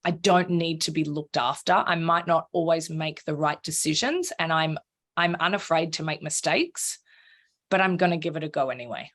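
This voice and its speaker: Woman guest, frank and lively, swears, somewhat low voice. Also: normal speed. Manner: frank, animated, swears freely, acts out her own inner voice. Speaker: podcast guest. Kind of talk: candid conversational interview.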